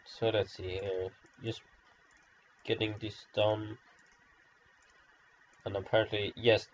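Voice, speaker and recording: Male gamer, slow rambling commentary, sarcastic, muffled lo-fi sound, faint background hiss. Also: lowish voice. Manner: rambling, self-deprecating, sarcastic. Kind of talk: gameplay commentary. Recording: dull lo-fi recording.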